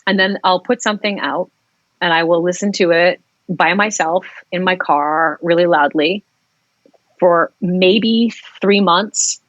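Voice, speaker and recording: A woman's voice: on the low side, measured pace, fairly bright tone, no echo, muffled recording. A woman singer-songwriter talking frankly and reflectively as a guest in a casual interview, rambling and swearing at times.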